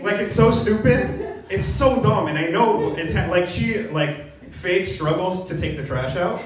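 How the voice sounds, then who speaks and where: Animated young male stand-up comic. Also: normal speed. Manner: animated, self-mocking, jumps into high-pitched acted voices. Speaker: stand-up comedian. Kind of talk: stand-up comedy set. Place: comedy venue with a live audience. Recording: roomy, distant live club recording with crowd laughter. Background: audience laughing.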